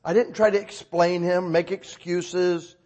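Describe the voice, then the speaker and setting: A man preaching a sermon in a relaxed, conversational way, acting out both sides of his stories. His voice is somewhat husky and sits a bit higher than most men's, and now and then he bursts into a loud, raised delivery. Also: measured pace, muffled recording. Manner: conversational, acts out dialogue with sudden loud outbursts.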